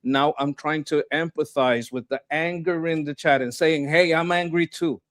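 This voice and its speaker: Brief: fired-up male political commentator, slightly high voice, dry close mic, rants and swears. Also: steady tone, normal speed, fairly bright tone, no room sound. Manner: impassioned, swearing, repeats words when worked up. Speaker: co-host. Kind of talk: heated political discussion.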